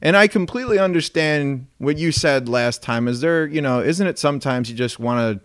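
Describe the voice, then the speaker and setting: Profane joking podcast co-host, lively pitch. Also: male voice, moderate pace, smooth, no echo, clean studio sound. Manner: profane, joking, laughs often. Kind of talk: casual podcast banter.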